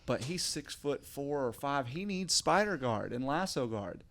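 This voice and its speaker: A man's voice: mid-range voice, very animated, unhurried, over music. A man who coaches jiu-jitsu and hosts a podcast, explaining his teaching in casual chat and often repeating words as he thinks.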